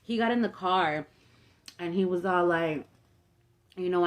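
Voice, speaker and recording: A woman's voice: medium pitch, moderate pace. A young woman vlogger telling a long story in a casual, chatty way, swearing freely and peppering it with fillers. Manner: chatty, profane, filler-heavy retelling.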